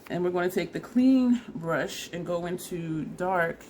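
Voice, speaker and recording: A woman's voice: on the low side, measured pace, darkish tone, slight background noise. A woman vlogger casually talking through a makeup try-on step by step, chatty and laughing at herself, teary and sniffly from allergies. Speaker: beauty vlogger.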